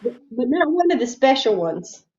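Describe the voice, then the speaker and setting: A high-pitched woman chats on a relaxed livestream, reading out viewer comments and laughing along the way. The sound is dull and lo-fi, like streamed audio. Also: normal speed. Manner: reads viewer comments aloud, laughs often. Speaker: livestream quilting host. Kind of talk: casual livestream chat.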